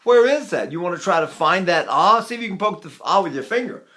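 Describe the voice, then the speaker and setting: An older man teaching vocal technique, with a slightly high voice for a man. He talks in a folksy, demonstrative way and stops now and then to sing vowels as examples. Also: expressive, fast talker, few pauses, pushed and bright. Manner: folksy, demonstrative, sings sample vowels and laughs between points.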